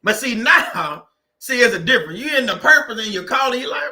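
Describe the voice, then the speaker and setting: High, very bright male livestream host. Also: lively intonation, a little fast. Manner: preachy and conversational, repeats phrases for emphasis. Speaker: host of a faith-based livestream on narcissistic abuse. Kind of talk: live-stream motivational talk.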